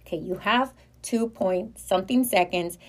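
A woman guest on a podcast, telling a story in a lively, casual way and acting out what other people said. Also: medium pitch, moderate pace. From grew up in a Hispanic household. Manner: animated, acts out other people's lines in quotes.

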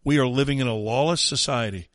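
A man's voice: medium pitch, fast talker, a bit bright, no room sound. A man hosting a talk radio show, ranting in an indignant, sarcastic monologue into a studio microphone.

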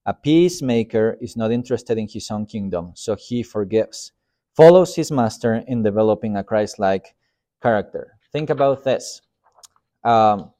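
A man's voice: lowish voice, expressive, normal speed, warm tone. A man, a pastor, giving a casual Sunday school sermon in a conversational, self-deprecating way. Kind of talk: informal sermon.

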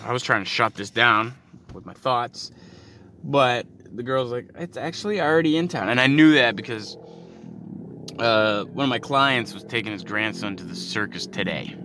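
Man, from Canada, profane podcast rant, exasperated, bright voice, in a car. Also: mid-range voice, measured pace. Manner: ranting, exasperated, heavy swearing, trailing asides. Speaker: podcast host. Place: in a moving car. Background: faint car noise.

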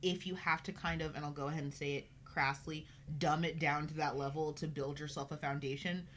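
A woman's voice: deep voice, steady tone, brisk, fairly bright tone, a little hiss or hum. A woman co-hosting a casual podcast chat, dry and wry, swearing now and then. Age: adult, studied in college. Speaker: podcast co-host.

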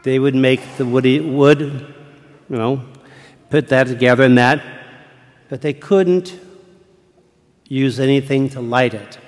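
An older man, a retired priest, preaching a sermon in a church, telling the story slowly and dropping to a hushed whisper at times. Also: mid-range voice. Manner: slow, deliberate storytelling with dramatic hushed whispers. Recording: long church reverb.

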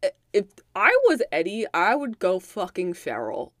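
A woman's voice: mid-range voice, moderate pace, no echo, clean studio sound. A young adult woman co-hosting a podcast, recapping a movie in casual chat with lots of swearing and acted-out quotes. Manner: animated, profane storytelling with acted-out quotes. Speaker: podcast co-host.

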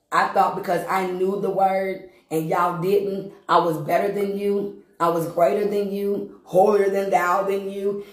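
A woman minister giving her testimony to a congregation, talking emphatically, repeating herself for effect and breaking into laughter. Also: mid-range voice. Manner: repetitive, emphatic, bursts into laughter. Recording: roomy echo.

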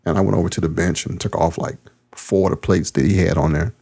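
Deep gravelly guy reading his story then chatting loose, husky voice. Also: steady tone, quick pace, mellow. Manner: laid-back, slangy, filler-heavy when chatting. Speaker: podcast host reading his own story. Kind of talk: audiobook narration and casual chat.

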